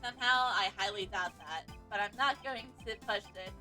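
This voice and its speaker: A woman streamer voicing a stiff, earnest male prosecutor in a formal, measured and slightly dramatic way. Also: mid-range voice, sharp tone, faint music behind, lightly acted. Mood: gentle. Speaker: streamer voicing game dialogue.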